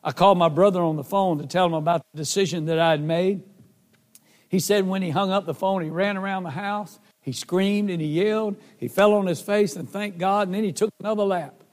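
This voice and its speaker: A man's voice: high-pitched, a little fast, in a large hall. A middle-aged man giving a heartfelt spoken testimony, telling his story earnestly and acting out his own prayers. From North Carolina. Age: 40s or older. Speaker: gospel singer giving testimony.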